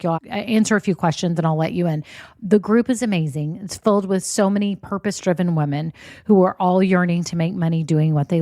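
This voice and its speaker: Woman podcast host, bit scratchy and hoarse, lowish voice, chatty, dry close mic. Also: dark tone, no echo. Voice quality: slightly scratchy voice. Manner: chatty and upbeat, says y'all. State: swollen voice box, a bit hoarse. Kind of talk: casual solo podcast talk.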